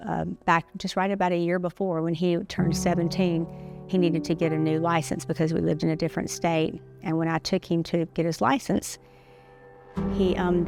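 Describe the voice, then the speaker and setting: A middle-aged woman speaks low and in a flat, even tone with a gravelly edge. She tells her story haltingly, stopping and restarting often. Guitar music plays clearly beneath her voice. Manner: halting, many pauses and restarts. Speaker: interview guest. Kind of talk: personal story in an interview. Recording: music playing underneath.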